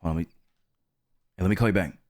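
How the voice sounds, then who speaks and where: A man in an online roleplay calmly asking his longtime partner what happened. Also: low-pitched, rapid-fire.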